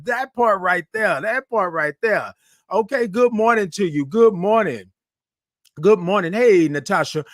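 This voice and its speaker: A man from Houston, Texas, hosts a casual live stream in a high, expressive voice at a measured pace. The recording is dry with clean studio sound, and he's upbeat and effusive, greeting viewers by name and reading their comments aloud.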